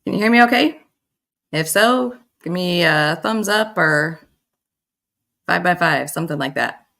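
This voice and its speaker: A middle-aged woman hosting a casual livestream, chatty and warm with her viewers, greeting them by name and laughing often. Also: fairly low pitch, animated, measured pace, gravelly. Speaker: livestream host.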